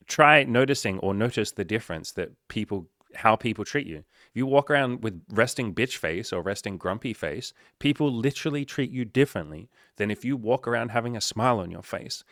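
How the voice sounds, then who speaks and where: A dating coach gives a casual motivational talk, speaking bluntly, swearing frequently, and acting out little dialogues. His voice is fairly low-pitched with a fairly bright tone, and the recording is studio quality with no room sound.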